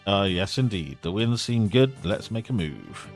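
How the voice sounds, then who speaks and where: A man's voice: on the low side, big pitch swings, measured pace, faint music behind. A man voicing a pompous, haughty ship captain who speaks in a formal, condescending way.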